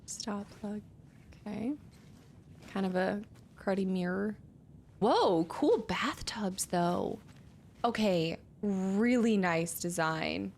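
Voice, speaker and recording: A woman's voice: mid-range voice, slow pace, gravelly, pauses often, darkish tone, slight background noise. A young woman streaming a game, musing aloud as she explores and reading notes under her breath. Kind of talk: let's-play commentary.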